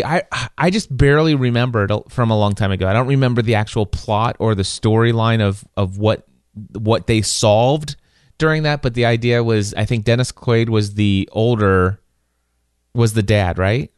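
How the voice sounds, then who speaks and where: A man's voice: mid-range voice, moderate pace, clear, resonant tone, no echo, clean studio sound. A man co-hosting a casual chat, rambling with frequent restarts and repeated words.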